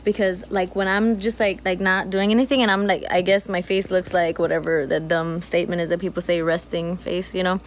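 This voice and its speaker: A woman's voice: lowish voice, little pitch movement, fairly quick, few pauses, a little hiss or hum. A woman co-hosting a casual chat, telling stories with lots of laughs and fillers. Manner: chatty storyteller, laughs often. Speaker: co-host. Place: outdoors.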